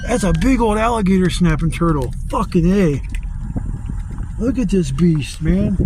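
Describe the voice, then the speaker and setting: A middle-aged man vlogging casually while driving, excitable and swearing freely. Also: unhurried. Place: inside a car on the road. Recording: car road noise throughout. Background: car engine rumble.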